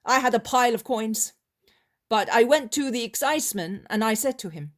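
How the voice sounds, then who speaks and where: A woman narrating an audiobook of a religious novel in a slow, deliberate reading. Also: a little high, animated.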